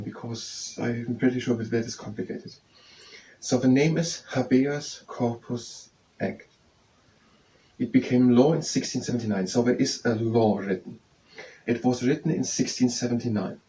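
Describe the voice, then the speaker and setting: Man slowly explaining a study text. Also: mid-range voice, dark tone. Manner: slow, repetitive explaining, thinking aloud. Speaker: study tutor. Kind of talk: explaining lesson with yoga breaks. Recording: faint background noise, mic at a distance.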